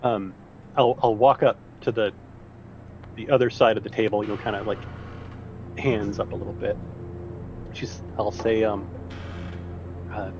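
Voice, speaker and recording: A man role-plays his character at the game table, earnest and gentle, and trips over his words as he goes. He comes through a dull, lo-fi mic, with faint music behind him. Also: fairly low pitch, moderate pace, pauses often. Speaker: player.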